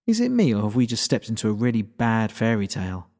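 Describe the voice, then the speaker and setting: A man's voice: lowish voice, sing-song, quick pace, darkish tone. A man doing a cheeky, sarcastic schoolgirl. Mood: casual. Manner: casual and sarcastic. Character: bold, cheeky teenage schoolgirl.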